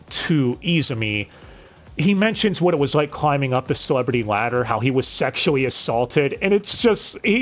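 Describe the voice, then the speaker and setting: A man's voice: a little high, fairly bright tone. A man hosting a casual podcast review, blunt and swearing, with sudden bursts of disbelieving exclamation. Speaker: podcast host reviewing an anime dub.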